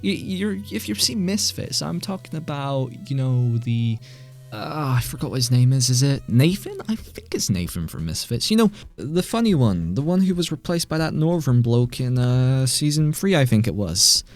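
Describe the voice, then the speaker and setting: A man's voice: medium pitch, very animated, moderate pace, a little mellow, faint music behind. A British man rambling casually into a microphone as host of his gaming channel, sweary and self-deprecating. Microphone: desk microphone.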